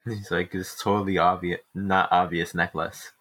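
Low-voiced man recapping a book. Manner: animated retelling with quick restarts. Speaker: podcast co-host. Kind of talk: casual book-club podcast recap.

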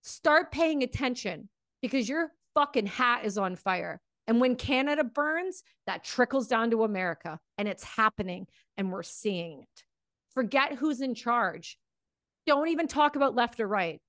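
A woman's voice: a little high, lively intonation, unhurried, fairly bright tone, no echo, clean studio sound. A woman hosting a podcast who speaks with fiery, emotional passion and swears freely before turning to interview her guest. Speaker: podcast host. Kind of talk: impassioned commentary and interview.

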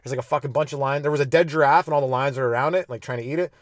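A medium-pitched man talks very fast on his solo comedy podcast, with no echo on the recording. As a stand-up comic, he riffs loosely and rambles, swearing, chuckling at his own bits, and putting on silly voices.

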